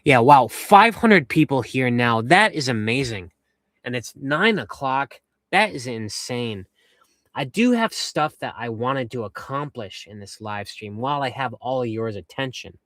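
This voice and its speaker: Young guy from western mass reading chat comments on a livestream, upbeat and rambly, mid-pitched voice, dry sound. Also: lively intonation, unhurried, a bit bright, no room sound. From Western Massachusetts. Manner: chatty, rambling, upbeat, with frequent fillers. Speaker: vanlife livestream host. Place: inside a camper van.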